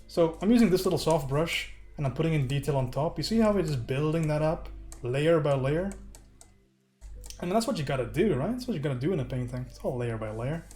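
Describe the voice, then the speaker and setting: A man's voice: fairly high pitch, lively intonation, brisk, dark tone, soft background music. A man streaming a casual digital painting lesson, joking with his viewers as he works. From United States. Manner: casual, joking, talks to chat while painting. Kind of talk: live-stream painting tutorial, chatting with viewers.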